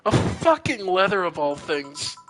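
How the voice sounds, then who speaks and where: Weary, guarded woman bartender with a bright, sharp tone, quiet and halting, read aloud by a streamer; soft game music under it. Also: medium pitch, animated, low-quality recording. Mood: bitter, angry. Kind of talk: reading visual novel dialogue aloud.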